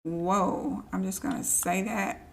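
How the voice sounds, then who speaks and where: A woman's voice: mid-range voice, fairly even intonation, slow pace, vocal fry. Chatty woman teasing her game characters. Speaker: gaming streamer. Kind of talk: casual let's play commentary.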